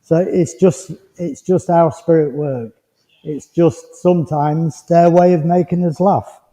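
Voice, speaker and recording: A man giving a mediumship demonstration to a congregation, talking in a chatty, rambling and gently reassuring way. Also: on the high side, steady tone, slow. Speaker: spiritualist medium. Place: village hall. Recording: dull lo-fi recording with long hall reverb.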